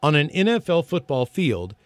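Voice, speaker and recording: An energetic male podcast co-host who tells stories in a casual way and often trips over and repeats his words. His pitch jumps around a lot. The voice sounds dry and close to the mic. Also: normal speed, dry recording. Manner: energetic, stumbles and repeats words when excited. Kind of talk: casual storytelling chat.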